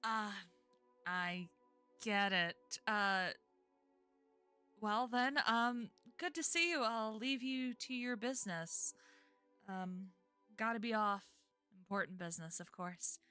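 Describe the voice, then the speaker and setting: A woman's voice: medium pitch, slow, long pauses, sharp tone, smooth, faint music behind. A woman voicing a nervous, flustered young female hunter who stammers awkwardly in a tabletop game.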